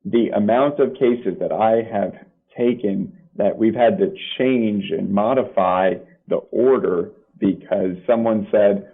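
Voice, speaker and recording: A man's voice: lowish voice, a little slow, vocal fry. A man, a family law attorney and podcast guest, explaining legal points plainly with practical examples. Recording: tinny phone-like line.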